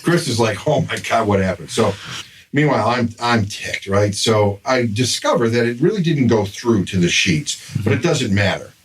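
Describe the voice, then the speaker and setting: A man's voice: mid-range voice, lively intonation, moderate pace. An older man, a grandfather, telling a long exasperated story in casual podcast chat. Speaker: podcast guest. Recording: somewhat distant mic with faint noise.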